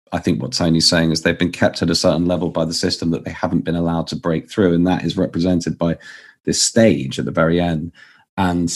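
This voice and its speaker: The voice is a man's and sits very low, deep and grounded. He talks as an interview guest, earnest and searching, circling back and restarting as he works his thoughts out loud. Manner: earnest, thinking aloud with many restarts. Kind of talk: conversational interview.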